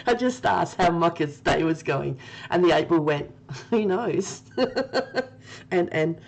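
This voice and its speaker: Giggly woman streamer, slow-spoken. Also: low-pitched, animated, creaky, low-quality recording. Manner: giggly, laughing often and talking to chat by name. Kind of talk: live stream chat with viewers.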